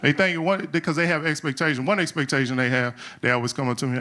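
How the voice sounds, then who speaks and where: A man's voice: medium pitch, fairly even intonation, fast talker, hardly any pauses, pushed and bright. A young adult man doing a live stand-up routine on a comedy club stage, talking loosely and conversationally with slangy asides.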